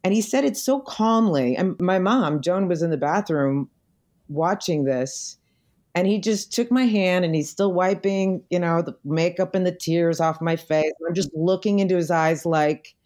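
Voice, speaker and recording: A woman's voice: on the low side, unhurried. A middle-aged American woman in an interview, telling personal stories in a reflective, earnest way. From United States. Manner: reflective storytelling, warm and earnest. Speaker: podcast guest. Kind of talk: conversational interview.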